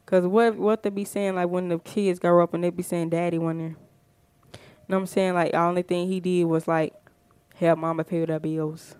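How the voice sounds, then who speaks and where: Fired-up woman ranting, smooth voice. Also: lowish voice, little pitch movement, normal speed, darkish tone, no room sound. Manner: fired-up, emphatic, frequent "you know what I'm saying". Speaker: podcast host. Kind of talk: casual monologue.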